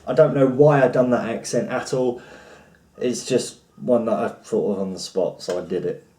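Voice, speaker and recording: A man's voice: medium pitch, moderate pace, dark tone. A man chatting casually at home as a vlogger, rambling with many restarts while recapping a role-play event. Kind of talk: casual chat. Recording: roomy, from far off the mic.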